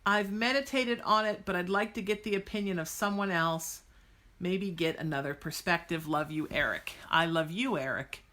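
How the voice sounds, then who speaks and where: A woman's voice: lowish voice, normal speed, bright, forceful tone. A woman hosting a psychic podcast, chatting casually and bluntly with viewers and cheering them on with gushing enthusiasm. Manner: blunt, exuberant, gushing, breaks into cheers and song snippets. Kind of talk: casual live-stream chat with viewers.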